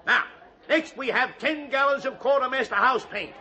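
An actor playing a showy male auctioneer in a radio comedy, running booming sales patter. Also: normal speed, pushed and bright, full character voice. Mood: selling. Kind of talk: 1940s radio comedy acting.

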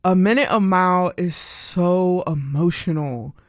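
A woman's voice: lowish voice, unhurried, no echo. Radio host, woman, bubbly and rambling, laughs a lot, dry close studio sound. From Pennsylvania, US. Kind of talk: casual radio show chat.

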